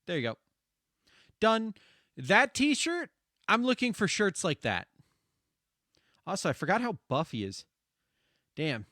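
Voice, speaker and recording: A man streamer talks over highlights from his own stream in casual commentary, full of swearing and animated rants. His voice sits high and swings widely in pitch. The sound is close and dry, with no room around it. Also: slow pace, long pauses, no room sound. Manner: animated, profane ranting with frequent laughs.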